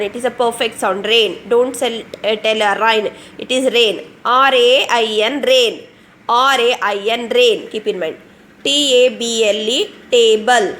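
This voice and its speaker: In an online phonics session for young children, a kindergarten teacher with an Indian English accent spells words one letter at a time and repeats them with patience. Her voice is a little high and a bit bright, with a little hiss or hum in the audio.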